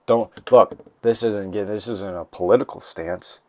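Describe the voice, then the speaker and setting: A man's voice: on the low side, fairly even intonation, a little slow, dry recording. A young man hosting a casual comedic podcast monologue, rambling and jokey with lots of restarts. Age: young adult. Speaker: podcast host. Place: college bathroom. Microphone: desk mic.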